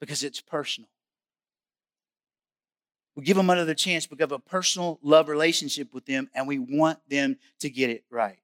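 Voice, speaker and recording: A man's voice: fairly high pitch, fairly even intonation, normal speed, pauses often, a bit bright. A male pastor preaching a sermon in a conversational, emphatic way, often asking the listeners questions.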